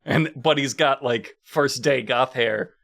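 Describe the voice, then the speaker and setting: A man co-hosting a comedy podcast, riffing on a movie with deadpan, dark one-liners. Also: mid-range voice, slow pace, vocal fry. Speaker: podcast co-host.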